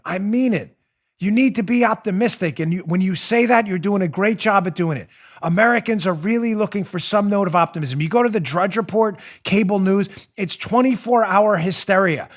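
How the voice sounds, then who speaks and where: A male talk show host speaks at a slightly high pitch into a studio mic. His delivery is animated and mocking, and he often breaks into laughter while commenting.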